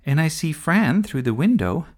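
A bossy little girl who is sure she knows everything, as a man puts her on. Her voice is raised well high and lively, swinging up and down as she lectures her little brother. It is a storybook read-aloud. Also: normal speed. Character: bossy know-it-all young girl.

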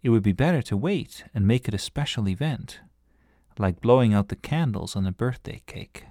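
A man calmly reading a children's storybook aloud as narrator, in a gentle storytelling manner. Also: lowish voice, no room sound, clean studio sound.

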